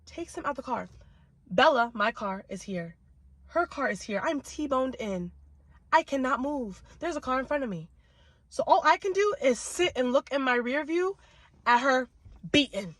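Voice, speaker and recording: A woman's voice: sits high, expressive, normal speed, fairly bright tone, no echo. A woman casually telling a story to camera in an emphatic, slangy way, repeating her punchlines for effect.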